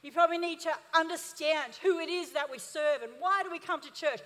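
Woman pastor, very high voice, emphatic call-and-response sermon, long hall reverb. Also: a little fast, a bit bright.

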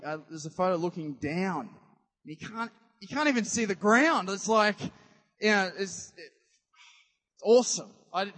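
High-voiced preacher in a hall. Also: male voice. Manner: animated, conversational, quizzes the congregation. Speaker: pastor. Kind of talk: sermon. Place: church hall. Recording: long church-hall reverb.

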